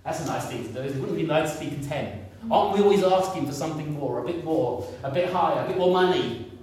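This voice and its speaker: A man's voice: a little high, lively intonation, fast talker, a little mellow. A man in his fifties preaching a sermon in a conversational way, repeating points and asking the congregation questions. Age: 50s. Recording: echoey room, picked up from a distance.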